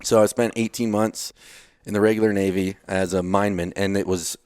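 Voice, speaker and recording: Speaking a little fast in a fairly low, steady, darkish voice, a retired Navy SEAL from Texas tells blunt, casual stories as a podcast guest. The audio is studio quality with no room sound. He's blunt, swears casually, and reenacts what he used to say, all in a relaxed storytelling interview.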